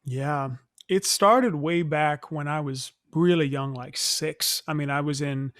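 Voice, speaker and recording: A young man from Northern California, a stage actor as interview guest, telling stories in a reflective, soft-spoken way with many fillers and restarts. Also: on the high side, slow, dry recording, studio quality. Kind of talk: casual interview storytelling.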